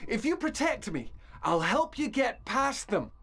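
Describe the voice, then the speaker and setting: A nervous forest guide pleads for protection. Her voice sits fairly high. It is a scripted video game role. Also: big pitch swings, unhurried, a bit bright, full character voice. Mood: anxious. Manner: pleading, anxious. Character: nervous woman helper hiding behind a tree.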